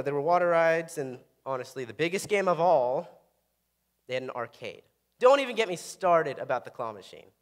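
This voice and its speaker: A young man giving a sermon, reading scripture aloud and adding casual, earnest asides. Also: a little high. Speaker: preacher. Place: church sanctuary. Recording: reverberant hall.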